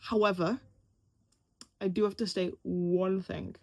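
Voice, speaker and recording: Excitable rambling young woman vlogger. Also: medium pitch, moderate pace, a little hiss or hum. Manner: excitable and rambling, with stumbles and casual swearing. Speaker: vlogger reacting to a film trailer. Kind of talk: casual reaction vlog.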